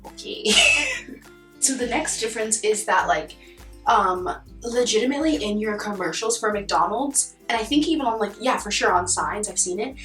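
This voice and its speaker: A young American woman vlogging in casual chat, animated and chatty, acting out quoted voices as she goes. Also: mid-range voice, moderate pace. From United States. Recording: roomy, from a distance, soft guitar music behind.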